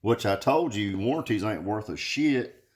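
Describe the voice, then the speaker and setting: A man's voice: fairly low pitch, expressive, normal speed. An older man, ranting into a phone held at arm's length in a profane, mocking vlog, laughing and cussing often. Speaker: car audio vlogger.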